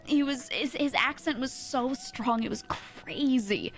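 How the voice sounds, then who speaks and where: A woman's voice: high voice, lively intonation, unhurried, fairly bright tone, faint music behind. An American woman streamer telling a story in casual chat, rambling with lots of fillers and frequent laughter.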